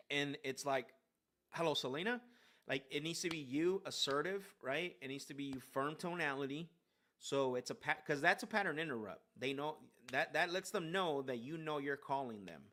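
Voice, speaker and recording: A man's voice: mid-range voice, a bit bright. A man giving casual live sales coaching, rambling and restarting his sentences, often tagging them with "right?". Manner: rambling, filler-heavy, keeps asking "right?".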